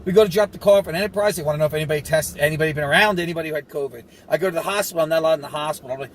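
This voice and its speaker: A man's voice: on the high side, rough recording. A man ranting casually to camera, rambling and sarcastic with lots of asides, a little short of breath. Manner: rambling, sarcastic, fast-talking with frequent asides. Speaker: vlogger recovering from covid.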